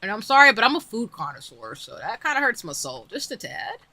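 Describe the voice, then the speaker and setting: A woman's voice: mid-range voice, wildly swooping pitch, fairly quick, pushed and bright. A woman streaming a game, chatting casually and answering her chat in slangy, chatty talk. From United States.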